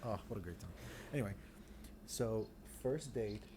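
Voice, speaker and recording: A man's voice: on the low side, lively intonation, moderate pace, a crowd in the background. A man co-hosting a podcast, chatting casually, laughing often and filling with "like". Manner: laughs a lot, heavy use of "like". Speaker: podcast co-host. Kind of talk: casual chat. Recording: noisy background hiss.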